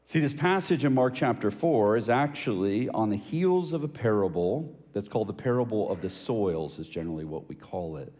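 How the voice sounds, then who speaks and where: A man's voice: fairly low pitch, lively intonation, normal speed, few pauses, darkish tone, big-room sound. A man preaching a sermon as a pastor, telling casual stories with jokes and asking emphatic questions. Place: church hall.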